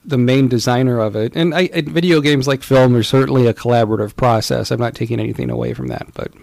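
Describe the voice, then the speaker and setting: A man's voice: mid-range voice, fast, creaky, a little mellow, no echo. A man co-hosting a casual podcast chat about retro video games, rambling along with lots of fillers and restarts. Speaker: podcast co-host.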